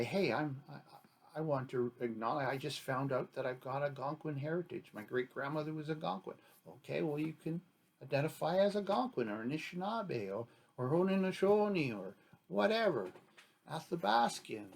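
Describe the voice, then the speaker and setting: A man with a gravelly, husky voice gives an unscripted talk as a chief. He rambles and argues his point, throwing out rhetorical questions. His voice sits at an ordinary middle pitch. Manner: rambling, argumentative, poses rhetorical questions, acts out imagined dialogues. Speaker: grand chief giving a talk. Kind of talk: unscripted spoken commentary.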